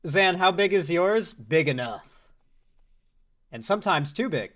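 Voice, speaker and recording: Chatty male stream host, high voice. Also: fairly bright tone. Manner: laughs often, loose and chatty, reads out viewer donations. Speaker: live-stream commentary host. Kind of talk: casual live-stream commentary.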